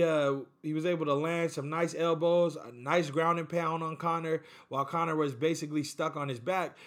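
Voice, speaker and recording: A man's voice: a little high, a bit bright. A man hosting a casual sports recap, talking in a rambling, chatty way with frequent fillers and restarts. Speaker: sports podcast host.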